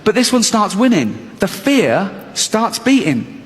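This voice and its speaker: A man performing a stand-up routine, animated and acting out his inner voices in shifting tones. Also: high voice, slow pace. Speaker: stand-up comedian. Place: comedy stage. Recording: large hall with audience laughter.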